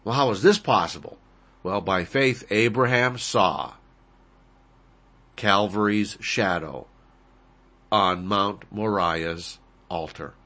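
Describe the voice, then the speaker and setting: A male preacher works through a Bible passage at an unhurried pace. His voice is bright and forceful, and he lingers over Greek words before driving home the key declarations with emphasis. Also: lowish voice. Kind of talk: sermon, expository Bible teaching.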